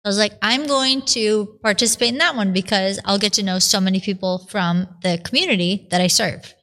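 A woman's voice: mid-range voice, brisk. A religious sister telling her vocation story in a podcast interview, acting out the voices she quotes. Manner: animated storyteller who acts out her own quotes.

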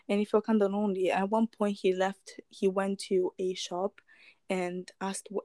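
A woman's voice: medium pitch, darkish tone, dry recording. A woman casually retelling a true crime story, rambling with fillers, restarts and chuckling asides.

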